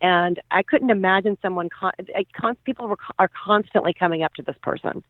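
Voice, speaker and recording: A woman guest on a podcast, chatting casually, often laughing and pausing with fillers. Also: medium pitch, no room sound. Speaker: guest actress. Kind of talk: casual interview chat. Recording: tinny phone-line sound.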